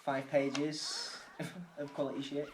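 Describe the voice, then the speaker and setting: A man's voice: fairly high pitch, monotone, slow pace. Joking young man, roomy sound. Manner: joking, laughs often. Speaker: podcast co-host and organiser. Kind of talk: casual chat. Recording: roomy with music behind.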